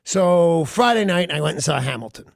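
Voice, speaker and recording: Male radio host, wry self-mocking storyteller, a bit high and gravelly, dry booth. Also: lively intonation, moderate pace, dry recording. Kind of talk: casual morning radio chat.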